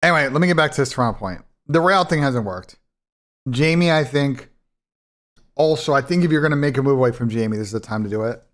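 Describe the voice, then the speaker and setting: A man's voice: medium pitch, lively intonation, fast. A man hosting a live esports watch party in casual, blunt, profane talk that rambles and restarts. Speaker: esports streamer and commentator.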